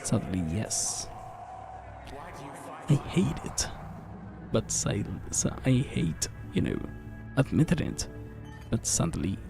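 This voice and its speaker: A man's voice: medium pitch, vocal fry. Man streamer ranting over faint music. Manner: animated ranting storytelling with frequent restarts and swearing. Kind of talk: casual chat while gaming. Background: faint game music.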